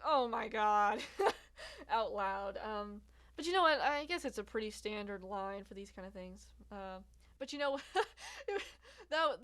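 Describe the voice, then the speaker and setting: Young woman, slightly high voice, casual review chat, laughs a lot, rambling fillers, outdoors. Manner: chatty, laughs often, many fillers and asides. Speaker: YouTuber reviewing a TV series. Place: outdoors in bright sunlight.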